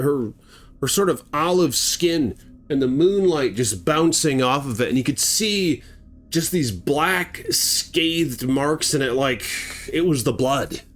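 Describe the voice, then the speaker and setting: A man telling a chilling true story in a casual, dramatic way, with vivid asides to his viewers. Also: medium pitch. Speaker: horror storyteller.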